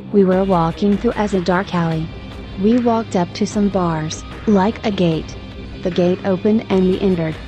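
A woman's voice: medium pitch, dark tone. A woman narrating a personal religious testimony in an earnest, emotional, scripted way.

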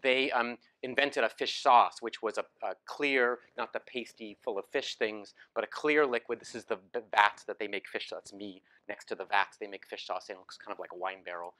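A man's voice: fairly low pitch, normal speed, hardly any pauses, pushed and bright. A man giving a lecture with slides, telling it as a story in a casual way, with many ums and restarts. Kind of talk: academic talk with slides. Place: lecture hall.

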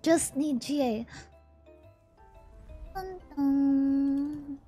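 Young female streamer, high-pitched, chatty and excitable live commentary, faint music behind. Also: very slow. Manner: excitable, chatty, pleading under pressure.

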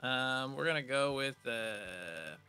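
Over soft background music, a man narrates his let's play in a mid-range voice that's animated yet slow, pushed and bright. As a gaming video creator, he reads on-screen text aloud and keeps the commentary casual and full of jokes.

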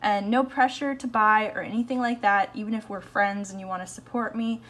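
A woman artist chatting casually in a home vlog, excitable and full of fillers, recorded on a phone in an apartment. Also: medium pitch, brisk, slight background noise, rough recording. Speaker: artist vlogger.

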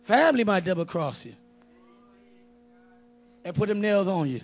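High-voiced joking preacher. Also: male voice, moderate pace, soft background music. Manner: animated, joking, conversational street-style preaching. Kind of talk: lively sermon.

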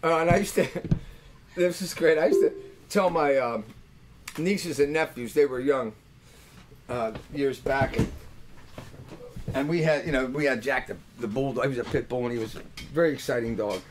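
A man's voice: mid-range voice, normal speed, pauses often, noisy background. An older man, a musician hosting a webcast, telling rambling, joking, earthy stories between songs. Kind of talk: casual storytelling between songs.

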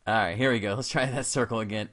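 A man's voice: fairly low pitch, steady tone, quick pace, fairly bright tone. A man talking through a recorded math lesson, upbeat and easygoing. He keeps it casual and encouraging and drops in slangy asides. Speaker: math teacher.

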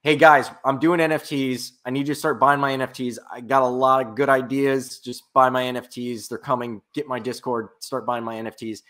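A man doing an impression of a brash male influencer who pushes his own products in quick, salesy commands. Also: medium pitch, flat delivery, fairly bright tone, lightly acted. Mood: hyping. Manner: pushy, salesy, rapid-fire commands.

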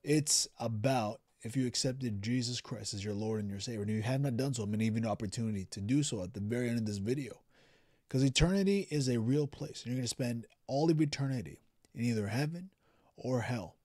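A man's voice: medium pitch, fairly quick, a little mellow, dry recording, studio quality. A man hosting a reaction video, giving earnest preacherly commentary straight to his viewers. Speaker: reaction channel host.

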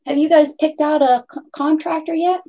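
A woman with a high, warm voice runs a casual craft livestream from home, speaking at normal speed in a steady tone. She chats and rambles with her viewers and her pets.

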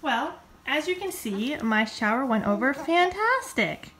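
A woman's voice: high-pitched, sing-song, measured pace, a bit bright, slight background noise. Chatty young woman vlogging. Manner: chatty, rambling with many fillers. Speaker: vlogger, new mother. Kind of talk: casual family vlog.

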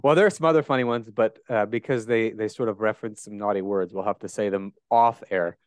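A male podcast host with a low, smooth and resonant voice. He chats in a relaxed, rambling way, full of fillers. The sound is dry and close. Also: brisk, no room sound. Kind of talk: casual interview chat.

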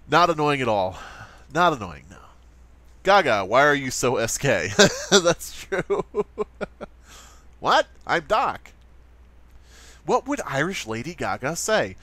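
A gaming commentator does playful, sarcastic let's play commentary, joking and speaking straight to his viewers as he plays. His voice is a little high, very animated, and sharp, but he takes it slowly with long pauses, and there's no room sound.

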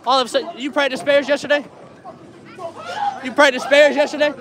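Loud trash-talking man over a crowd. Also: very high voice, steady tone, a little fast. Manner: loud, profane, teasing. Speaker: bowling spectator. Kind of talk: trash-talking live commentary. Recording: noisy crowd at bowling alley. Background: crowd noise.

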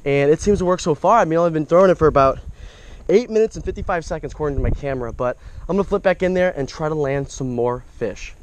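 A man's voice: fairly high pitch, fast talker, poor audio. A young man vlogging his fishing trip outdoors by a creek, talking into an action camera and exclaiming over each catch. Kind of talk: casual outdoor commentary.

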